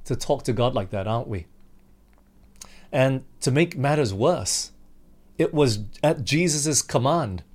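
A man preaching a sermon, talking directly to the congregation and acting out desperate pleas to God in a raised, urgent voice. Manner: animated, acts out the disciples' pleas with raised pitch.

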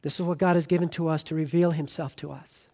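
Earnest male preacher, soft closing appeals. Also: fairly high pitch, steady tone, quick pace. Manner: earnest, swings from loud emphasis to soft quiet appeals. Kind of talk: sermon.

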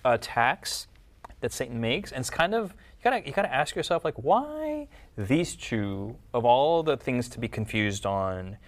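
A man's voice: mid-range voice, sing-song, measured pace. A man hosting a casual religious discussion, thinking aloud with many fillers and restarts. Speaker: podcast host.

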